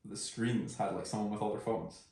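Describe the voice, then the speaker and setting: A man's voice: fairly low pitch, steady tone, moderate pace, mellow. A man co-hosting a film podcast, speaking in a hesitant, meandering way. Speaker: podcast co-host. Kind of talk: casual film review chat. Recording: very echoey, distant from the mic.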